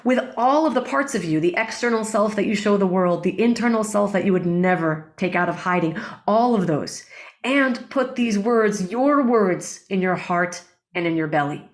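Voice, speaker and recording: A woman's voice: medium pitch, animated, moderate pace. A woman guest on an interview, a breathwork facilitator explaining ideas earnestly, often checking in with "right?" and quoting Hebrew prayers. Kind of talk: reflective interview talk.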